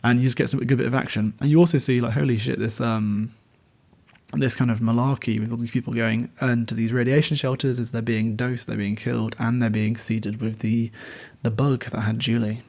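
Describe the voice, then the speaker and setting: A man's voice: mid-range voice, fairly even intonation, fairly quick, creaky. A man hosting a podcast, chatting casually in a recap, laughing often and swearing freely. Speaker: podcast host.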